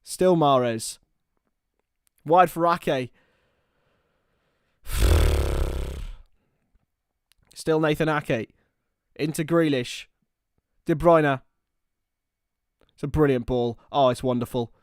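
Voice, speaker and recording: Young man, live football watchalong commentary, high voice, dry close sound, excitable, partisan. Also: extremely slow, long pauses, clear, resonant tone, dry recording. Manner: excitable partisan, shouts at goals.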